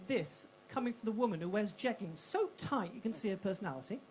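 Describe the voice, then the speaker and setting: A woman performing a stand-up routine on a comedy club stage, with punchy, self-interrupting delivery and quick asides. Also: mid-range voice, expressive, a little mellow.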